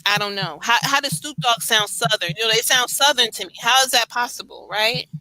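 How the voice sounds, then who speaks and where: A woman with a New York accent, very bright and crisp in tone, chatting casually late at night. Her talk is animated and rambling, full of asides and frequent laughs. The sound is close and dry, with no room around it. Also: fairly high pitch, brisk, dry recording, poor audio. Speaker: co-host.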